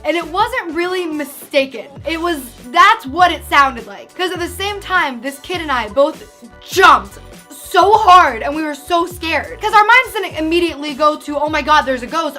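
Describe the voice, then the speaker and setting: A young woman telling a ghost story to camera in a casual, animated way, acting out voices and dropping to a hush at tense moments. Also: extremely high pitch. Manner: animated, acts out quotes and sounds, drops to a hush for tense parts.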